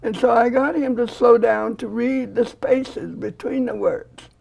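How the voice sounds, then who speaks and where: Gravelly husky older woman telling stories. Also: on the high side, unhurried. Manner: animated storyteller who acts out quoted dialogue. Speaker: foster grandparent volunteer. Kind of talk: storytelling in a studio interview.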